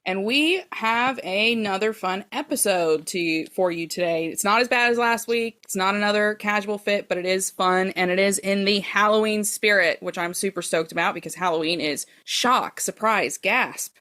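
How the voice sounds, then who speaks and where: A woman's voice: medium pitch, normal speed, hardly any pauses, pushed and bright. A young woman from Tennessee, hosting a casual podcast chat in a bubbly, giggly way and repeating words for emphasis. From Tennessee, American South. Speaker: podcast host.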